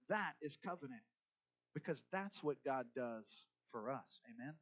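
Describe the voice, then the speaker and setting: A male pastor preaching a sermon, animated, swinging between loud emphasis and soft asides. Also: mid-range voice, normal speed, dry recording, muffled recording.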